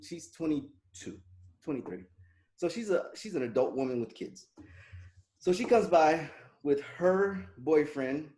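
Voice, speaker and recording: Animated storytelling man in echoey room. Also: a little high. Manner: animated, laughing, acts out quoted dialogue. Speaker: podcast co-host. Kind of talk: casual storytelling chat.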